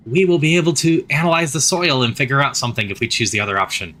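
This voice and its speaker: A man's voice: mid-range voice, quick pace, few pauses, bright, forceful tone, slight background noise. A man streaming a narrative game, reading its text aloud and adding casual, chatty commentary. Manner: casual, chatty asides between read passages.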